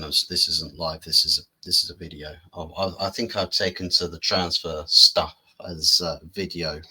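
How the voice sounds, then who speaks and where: Low husky guy rambling about football transfers, lots of questions to viewers. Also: bright, forceful tone, low-quality recording. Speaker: football channel host. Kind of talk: casual football commentary video.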